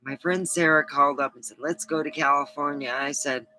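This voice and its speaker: A woman's voice: deep voice, steady tone, brisk, sharp tone, rough recording. A middle-aged woman vlogging in a casual, rambling chat, swearing freely and laughing at her own stories.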